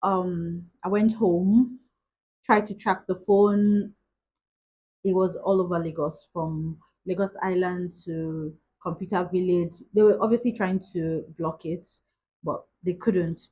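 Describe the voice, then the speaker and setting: Young woman vlogger, husky, casual chatty storyteller, muffled lo-fi sound. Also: fairly low pitch, steady tone, slow. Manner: chatty, retells events with many "like" asides. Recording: dull lo-fi recording.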